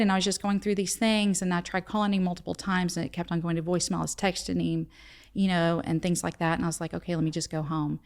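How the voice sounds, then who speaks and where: A woman's voice: on the low side, flat delivery, quick pace. A middle-aged woman, a guest telling a personal story in conversation, acting out the dialogue in earnest. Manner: retells events by acting out quoted dialogue, earnest.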